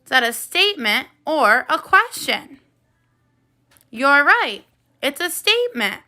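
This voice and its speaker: Woman teacher doing a first grade video lesson, high voice, slow and clear, encouraging the kids. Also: sing-song, bright, forceful tone. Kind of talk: video phonics lesson for children.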